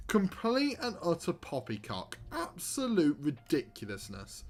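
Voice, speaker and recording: A man's voice: on the high side, big pitch swings, unhurried. A young man streaming a football manager game, commentating live with sarcastic, exasperated rants.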